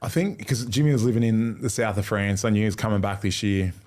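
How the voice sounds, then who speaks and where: Australian bloke co-hosting a sports podcast, yarning casually, a bit low-pitched, quick to laugh at himself. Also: male voice, a little mellow. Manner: rambling, laughs often, self-mocking storyteller. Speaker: podcast co-host, former rugby league player. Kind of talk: casual chat.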